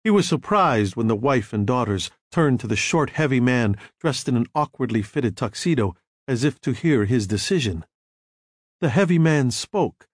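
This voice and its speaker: A man narrating an audiobook in a measured, even manner. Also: medium pitch, no echo, studio quality.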